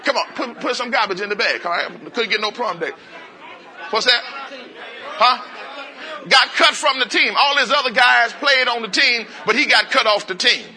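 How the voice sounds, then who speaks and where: A man leads a lively, interactive sermon in a church, his voice pitched high for a man and sharply bright. He coaxes answers out of the congregation and fires off repeated phrases in call-and-response bursts. Faint congregation voices sit behind him. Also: normal speed, some chatter behind. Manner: coaxing call-and-response, drawing answers from the room. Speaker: preacher. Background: congregation voices and laughter.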